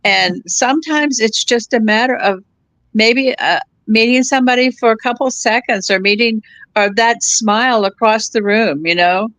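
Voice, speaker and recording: A woman's voice: a little high, moderate pace, no echo. Lady in her 70s chatting as a guest, tells stories, laughs a lot, dry sound. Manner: warm storyteller, laughs easily, restarts phrases. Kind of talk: casual chat.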